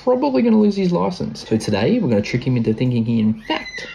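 A man's voice: medium pitch, sing-song, quick pace, creaky, dark tone, slight background noise. A young man talking casually to the camera and on the phone, with blunt, cheeky banter. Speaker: prankster vlogger. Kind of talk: casual vlog talk. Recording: slightly dull sound with music behind.

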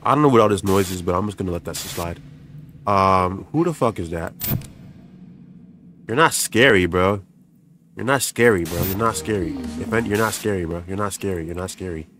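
A man's voice: sits low, normal speed, fairly bright tone, a little hiss or hum. A young man doing let's play commentary as a gaming YouTuber, cursing, stammering and joking as he reacts. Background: game music.

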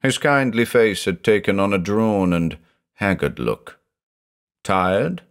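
A man narrating a horror short story in a measured, deliberate reading. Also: on the low side, lively intonation.

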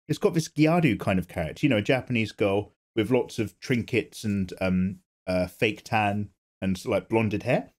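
A male artist chatting casually with his viewers as he draws and reads out their comments. His pitch sits in a middle range but swings up and down a lot. He sounds playful, chatty and ready to laugh at himself. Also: a little mellow. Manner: chatty, playful and self-mocking. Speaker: artist and channel host. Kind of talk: casual chat reading viewer comments while drawing.

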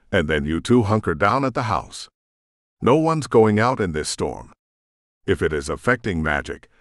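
A stern, commanding woman, read by a man in his own deep voice. She gives clipped, no-nonsense orders. The sound is dry and close. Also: a bit bright, no room sound, exaggerated voice. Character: stern commanding woman demon-hunt leader.

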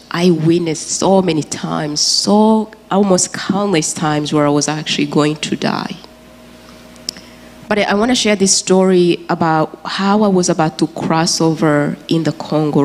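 A woman's voice: low-pitched, a little mellow. A woman from Rwanda, giving an earnest, emotional personal testimony as a guest speaker in a church. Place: large church auditorium. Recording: reverberant church hall, faint ambience.

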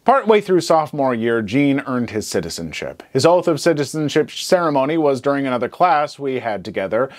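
Male narrator reading stories with sarcastic commentary; animated, lively pitch. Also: a little fast, few pauses. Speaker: story narrator.

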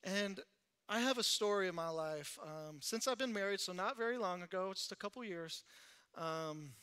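A young male pastor giving a conversational, animated recovery sermon in church and laughing at himself. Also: sits high, moderate pace, clear, resonant tone.

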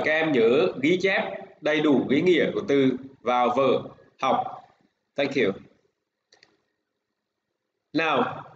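A male English teacher with a Vietnamese accent talks slowly and says each word twice so the class can repeat it. His voice sits a little high. The sound is dull, with a roomy echo and a faint hiss behind it. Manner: slow, repeats words for pupils to echo.

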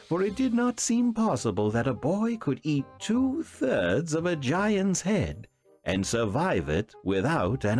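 A man narrating a fairy tale slowly and theatrically. His voice rises and dips dramatically through each sentence, with soft music playing behind. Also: mid-range voice. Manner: expressive, dramatic storytelling. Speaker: reader. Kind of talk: storybook narration.

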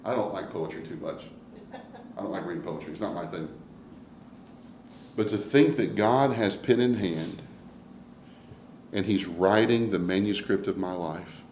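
A man preaching a sermon as pastor, swinging from hushed asides to loud, emphatic declarations. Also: deep voice, measured pace, pauses often, echoey room, slight background noise, rough recording. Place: church sanctuary.

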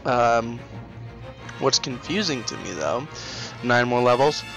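An excitable man talks through his gameplay, flustered and quick to trash-talk, with game music playing loudly behind him. His pitch sits at a plain middle height. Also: creaky. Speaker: let's play host. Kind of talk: casual gameplay commentary. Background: game music and sound effects.

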